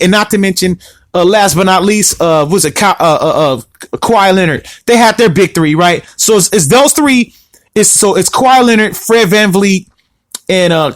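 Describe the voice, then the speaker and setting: A man's voice: sits high, no room sound, clean studio sound. A man hosting a casual solo podcast, rambling, repeating himself and often asking "you see what I mean?". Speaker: podcast host.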